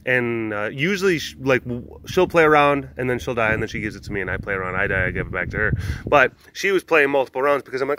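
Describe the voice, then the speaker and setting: A man's voice: medium pitch, lively intonation, fast talker, sharp tone, slight background noise. A man hosting a podcast, telling a story in casual chat, rambling with many restarts and chuckling often. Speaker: podcast host.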